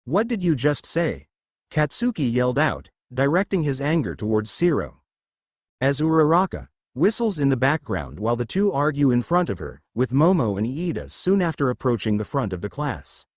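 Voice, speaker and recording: Man, story narration, animated pitch, dry close sound. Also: normal speed, dry recording. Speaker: fanfiction narrator.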